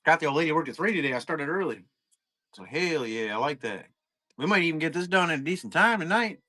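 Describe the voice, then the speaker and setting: Bright-sounding dude rambling on his card stream, swears a lot, dry close sound. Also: a little high, lively intonation, fast talker, no echo. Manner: rambling, profane, laid-back. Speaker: trading card break seller. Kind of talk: casual livestream chat.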